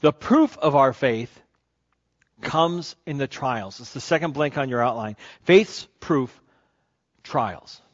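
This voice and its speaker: A man preaching a sermon as pastor, moving between calm teaching and rising, excited storytelling. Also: mid-range voice, takes it slowly. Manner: builds from calm teaching to loud excited crowd-cheering passages. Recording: dull lo-fi sermon recording.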